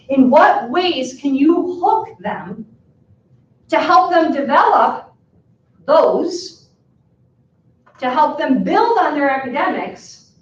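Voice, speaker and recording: A woman teacher giving a talk to fellow educators, telling classroom stories in a lively way and acting out the dialogue. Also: sits high, far from the mic, a little hiss or hum. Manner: lively storytelling that acts out dialogue. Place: school presentation room. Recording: echoey room, voice from afar, muffled sound.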